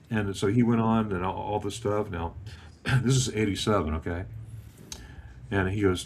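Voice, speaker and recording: A man's voice: fairly low pitch, fairly even intonation, moderate pace, a little hiss or hum. A man in his fifties from Florida, telling a personal story in a casual chat and acting out the voices of the people in it. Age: 50s. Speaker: guest.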